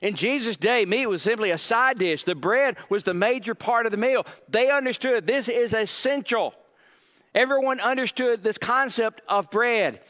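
Higher-voiced male pastor preaching in a hall. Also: normal speed, fairly bright tone. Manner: conversational preaching with repeated emphatic phrases. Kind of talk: sermon.

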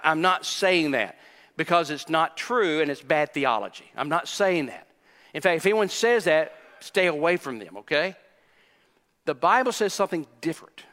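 An older male pastor preaches with a bright, ringing, forceful tone. His voice sits somewhat high for a man, and he drives his points home through repetition and questions to the room. Long reverb from the church hangs on every line. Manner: emphatic preacher, repeats phrases, asks the congregation questions. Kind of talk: sermon. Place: church sanctuary.

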